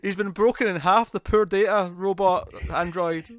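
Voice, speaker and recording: A man's voice: sits high, measured pace, no echo. Laughing man, dry close sound. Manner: laughing often, animated impressions. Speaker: podcast co-host. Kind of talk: casual review chat.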